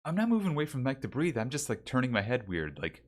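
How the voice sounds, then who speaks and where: A man streams a game and chats casually with viewers, talking fast in a mid-range voice with huge swings in pitch. He rambles and reads their names aloud into a desk mic fitted with a pop filter and windsock.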